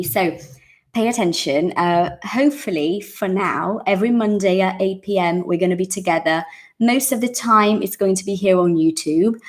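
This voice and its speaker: A woman hosting a live English lesson, chatting with viewers and acting out little dialogues. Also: lowish voice. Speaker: English teacher and live-stream host. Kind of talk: casual live-stream teaching, reading viewer comments.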